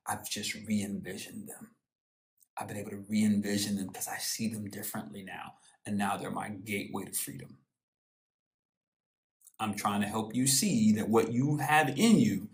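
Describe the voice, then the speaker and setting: A man hosting a live stream, giving a casual motivational talk in a preachy, storytelling way with slang. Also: on the low side.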